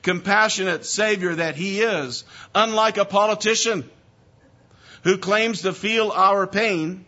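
A male pastor delivers a sermon with a high, bright voice. His preaching is measured, and he often drops soft and low. The recording sounds dull and lo-fi.

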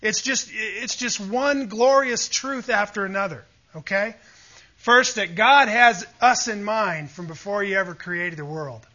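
A man's voice: high voice, a little slow, bright, forceful tone, dull audio. A man preaching a sermon with emphatic, fervent delivery, often calling out to his listeners for agreement. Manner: emphatic, rising to fervent peaks, asks the audience "Amen?".

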